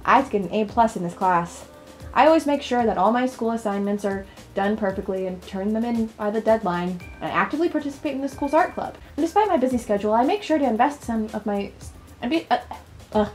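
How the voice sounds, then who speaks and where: Woman voicing a worn-out young student, higher voice, game reading. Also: animated, brisk, faint music behind, lightly acted. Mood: weary. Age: young adult. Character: overworked young female college student. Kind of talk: reading game dialogue aloud.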